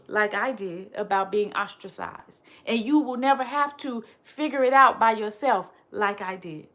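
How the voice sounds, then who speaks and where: A woman speaking straight to her audience as a spiritual teacher, emphatic and repetitive, firing off rhetorical questions and dropping softly on her refrains. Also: high voice. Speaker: spiritual teacher and channel host. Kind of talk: direct-to-camera motivational talk.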